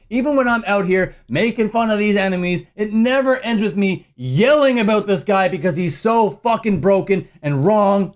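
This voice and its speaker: High-pitched man ranting angrily. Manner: heated, profane, shouting insults. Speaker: commentary video host. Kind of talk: angry reaction rant.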